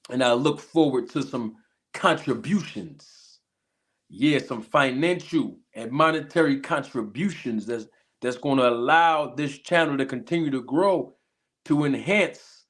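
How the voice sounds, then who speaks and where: A man from Philadelphia with a Philly accent hosting a casual livestream, greeting viewers with drawn-out shout-outs and catchphrases while a little sick. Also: fairly high pitch. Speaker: livestream host.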